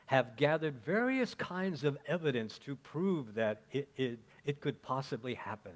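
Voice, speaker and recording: A male pastor preaches in a relaxed, conversational style, his mid-range voice expressive and his pace measured with almost no pauses. He keeps checking in with the congregation, asking them questions along the way and saying "okay?" often.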